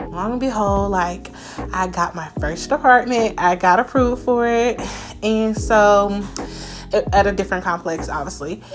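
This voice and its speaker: A woman vlogger telling a personal story in a candid, emotional way, full of faith and "you know" fillers. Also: medium pitch. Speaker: cleaning vlogger. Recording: background music under the voice. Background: background music.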